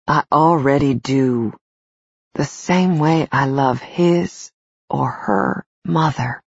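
A woman narrator voicing a remorseful husband in a romance novel, speaking low and earnest. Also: takes it slowly, creaky, slightly rough, no echo, full character voice. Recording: slightly dull, dry studio recording.

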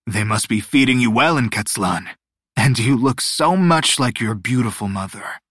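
A man voicing a booming, grinning male god of bad luck who sounds falsely friendly. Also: expressive, moderate pace, fairly bright tone, slightly rough, no room sound, studio quality. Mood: oily, jovial.

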